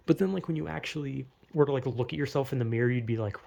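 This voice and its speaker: A man's voice: medium pitch, fast talker, gravelly, few pauses, a little mellow. A young man with a slight Southern US accent, rambling through a casual solo monologue, full of "like" fillers, swearing and laughing at himself. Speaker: podcaster musing solo.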